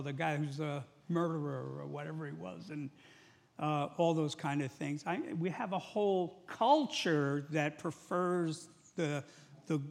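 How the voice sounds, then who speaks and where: A middle-aged male preacher with a gravelly, fairly high-set voice. He speaks in an easy, conversational sermon style, weaving scripture into casual asides. The sound carries the long echo of a large hall. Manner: conversational, paraphrasing scripture with acted quotes. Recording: echoey hall.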